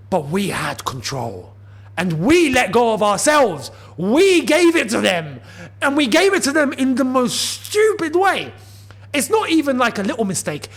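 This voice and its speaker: A man, venting after a football match in a high voice that keeps leaping up and down. He repeats his points over and over with exasperated emphasis. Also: fairly bright tone. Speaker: football channel host. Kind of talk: post-match rant to camera.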